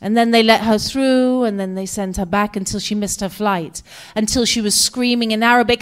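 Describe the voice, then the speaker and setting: A woman in her forties from Britain with a British accent, giving an expressive personal storytelling talk as a guest speaker. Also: mid-range voice, normal speed, hardly any pauses, clean tone. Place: community center hall.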